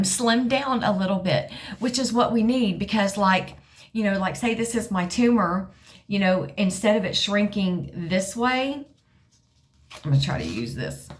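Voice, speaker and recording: A woman's voice: a little high, animated, measured pace. A middle-aged woman, chatting casually to camera, rambling and calling her viewers y'all. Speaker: vlogger sharing a health update.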